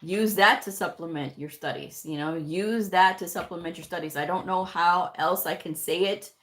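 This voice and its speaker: A woman's voice: fairly low pitch, normal speed, fairly bright tone. A middle-aged woman hosting a live stream, casually chatting and reading out and answering viewer comments. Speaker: livestream host answering viewer questions.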